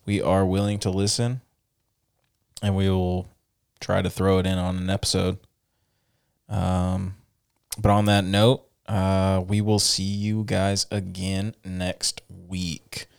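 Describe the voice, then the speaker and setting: A man's voice: low voice, little pitch movement, takes it slowly, creaky, clean tone. A man co-hosting a podcast in casual banter, teasing his friend and cursing freely. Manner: profane, teasing, laid-back. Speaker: podcast co-host.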